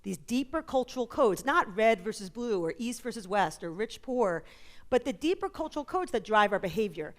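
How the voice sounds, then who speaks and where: Animated New woman telling stories. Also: fairly high pitch. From New York, USA. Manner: animated storyteller, quick asides and jokes. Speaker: author and psychologist guest. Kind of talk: conference interview talk. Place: conference stage.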